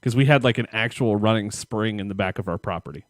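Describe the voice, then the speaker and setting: A man with a fairly low voice spins a long, rambling story for his co-host, cursing freely and laughing at himself. The sound is close and dry, with no room around it. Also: fast talker, dry recording. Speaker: podcast co-host. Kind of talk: casual storytelling chat.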